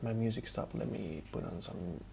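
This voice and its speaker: A man's voice: sits low, moderate pace, gravelly, slight background noise. A man on a casual live stream, thinking aloud as he works and answering viewers' questions between tasks. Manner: muttering to himself, answering chat between tasks. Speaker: live streamer testing design software. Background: relaxed music playlist.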